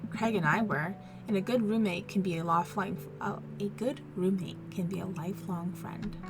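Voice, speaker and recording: A woman reading the lines of a gentle, doting middle-aged single father from a dating game, in her own mid-pitched voice. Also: moderate pace, music in the background, natural voice. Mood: gentle fatherly. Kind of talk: reading game dialogue aloud.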